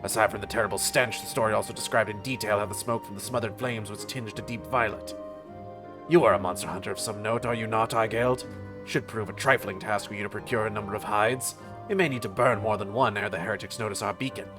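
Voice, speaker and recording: A man's voice: on the low side, fairly even intonation, fast talker, over music, natural voice. A man voicing an earnest young male scholar who speaks in formal, precise phrasing.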